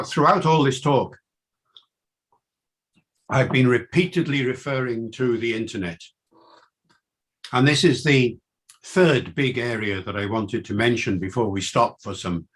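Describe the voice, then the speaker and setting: An older man with a mixed Welsh and Liverpool accent, giving a university lecture with enthusiastic, swinging emphasis. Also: breathy edge. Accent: Welsh and Liverpool mix. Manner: enthusiastic, lively pitch swings.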